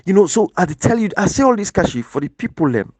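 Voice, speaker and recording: A man's voice: high-pitched, sing-song, fast, breathy edge, dry recording. Sierra Leonean man, political commentator, impassioned, dry close mic. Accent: Sierra Leonean Krio-English. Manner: impassioned, repetitive, rising to near shouting. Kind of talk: casual political discussion.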